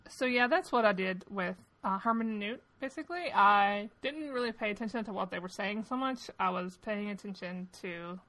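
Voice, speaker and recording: Bright-voiced woman, wry and offhand. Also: medium pitch, moderate pace, hardly any pauses. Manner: wry, offhand, laughing asides. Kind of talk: casual chat.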